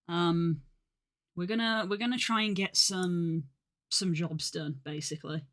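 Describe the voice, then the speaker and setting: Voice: medium pitch, unhurried, a bit bright. A live streamer chatting casually and a little out of breath, rambling with lots of fillers and poking fun at their own lateness. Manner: rambling, filler-heavy, self-deprecating. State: slightly out of breath.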